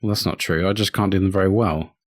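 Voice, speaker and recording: A man co-hosting a gaming podcast, self-deprecating and quick to laugh. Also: low voice, steady tone. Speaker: podcast co-host. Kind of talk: casual podcast chat.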